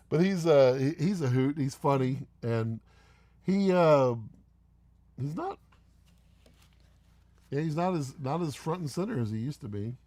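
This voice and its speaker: A man hosts a casual live stream from home, rambling as he reads viewer comments aloud and teases them, laughing often. His voice sits on the high side with a dark tone, animated yet unhurried and full of pauses, and the recording is dry.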